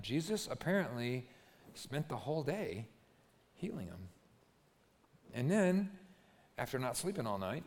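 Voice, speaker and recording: A male pastor preaching a sermon in a church hall, his voice rising and falling widely as he tells the story. He drops almost to a hush on the words he wants to land. A long hall reverb trails each phrase. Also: mid-range voice.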